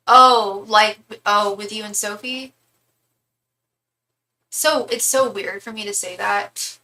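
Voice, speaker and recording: A woman's voice: mid-range voice, steady tone, slow, pauses often, sharp tone, low-quality recording. A woman who is a tarot reader, chatting casually and at length during a live-stream reading, with some swearing.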